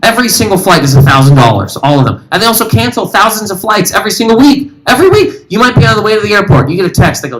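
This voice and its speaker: A man doing stand-up comedy on stage, rambling and animated as he chats with the audience. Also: high-pitched, very fast, few pauses, a crowd in the background, poor audio. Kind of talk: stand-up comedy with crowd work. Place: live comedy venue.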